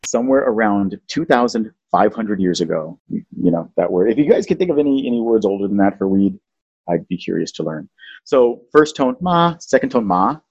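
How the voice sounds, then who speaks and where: A low-voiced man with a husky edge talks casually, playfully teaching as a show host. The recording is dry and somewhat dull. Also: expressive, a little fast, darkish tone, no echo. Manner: playful, teaching, sings out tones. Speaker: podcast host. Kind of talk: casual chat, explaining language.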